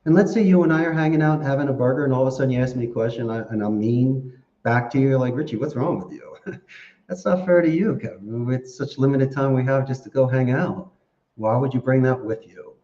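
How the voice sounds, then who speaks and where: A man's voice: medium pitch, a little fast, mellow. A man talking casually as a podcast guest, chatty and playful with words, laughing often. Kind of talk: casual interview talk. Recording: dull, roomy sound.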